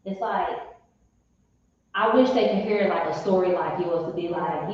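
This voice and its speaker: A woman's voice: lowish voice, unhurried, pauses often. A woman speaks bluntly and swears freely in a casual chat. Her voice sits far from the mic with a long, echoey hall reverb and muffled, lo-fi sound. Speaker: parent, chat guest.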